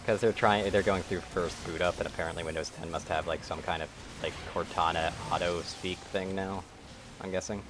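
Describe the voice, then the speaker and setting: Teasing low-voiced man streamer. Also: fairly even intonation, moderate pace, noisy background. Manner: teasing, sarcastic. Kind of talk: casual chat while gaming.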